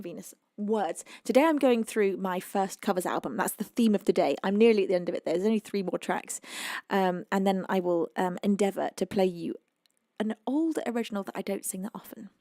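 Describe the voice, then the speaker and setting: A woman's voice: medium pitch, warm tone, no room sound, studio quality. A British woman hosting a music livestream, chatting casually with viewers and reading their comments, rambling with ums and restarts and a little out of breath. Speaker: livestream host and singer.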